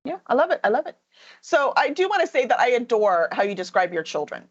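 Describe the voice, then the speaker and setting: A woman hosts an interview over a video call, eager and quick to laugh. Her voice sits fairly high and moves a lot, and her audio comes through somewhat dull and lo-fi. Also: very animated. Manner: enthusiastic, laughs often. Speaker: podcast host. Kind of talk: casual interview chat.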